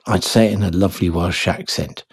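A man presenting a radio show of hymns and Bible readings, talking in a chatty, musing and gently playful way. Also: low-pitched, fairly even intonation, fairly quick, husky, no echo.

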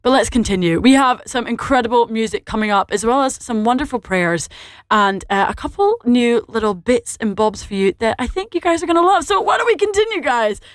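A woman's voice: fairly high pitch, lively intonation, fairly quick, no room sound, studio quality. Bubbly Scottish woman radio presenter. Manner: bubbly and enthusiastic, addresses listeners directly. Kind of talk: live radio show presenting. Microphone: studio microphone.

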